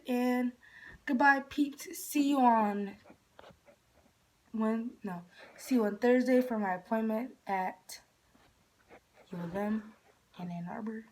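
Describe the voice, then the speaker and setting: A woman's voice: takes it slowly, long pauses, a little mellow. Rambling young woman from Michigan. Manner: rambling, drops to whispers and jumps up in pitch for quotes. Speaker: vlogger. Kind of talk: casual storytelling vlog.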